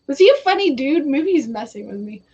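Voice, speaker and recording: A woman's voice: sits high, sing-song, brisk, a little mellow, highs cut off. A young woman giving psychic readings on a live stream, chatty and giggly, often quoting spirits in a casual voice. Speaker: psychic reader.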